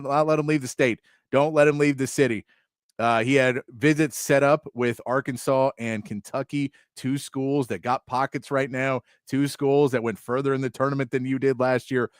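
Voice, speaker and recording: A male sports radio host who chats in a rambling, easygoing way, often breaking into laughter. His voice sits at a middle pitch and sounds dry and close to the mic, with little room sound. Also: clean tone, dry recording. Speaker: sports talk show host. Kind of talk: casual sports talk.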